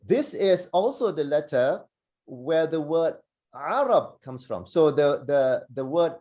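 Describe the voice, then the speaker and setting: Male teacher, slightly higher voice, mellow tone; patient, encouraging, demonstrates sounds slowly over a call. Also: animated. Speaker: Arabic letters teacher. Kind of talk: online pronunciation lesson.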